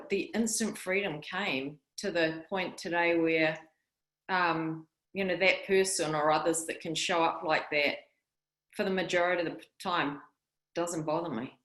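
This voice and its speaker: A woman's voice: fairly low pitch, fairly bright tone. A woman with a New Zealand accent sharing at a recovery meeting on a video call, chatty and wry about herself. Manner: chatty, wry self-deprecating humor. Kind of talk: personal share at a meeting. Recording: echoey room.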